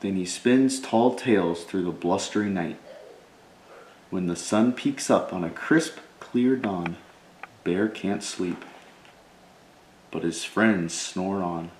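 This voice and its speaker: A man reading a picture book aloud in a lively storytelling way, voicing sound words with relish. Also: deep voice, slow, pauses often, a little hiss or hum. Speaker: reader. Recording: echoey room.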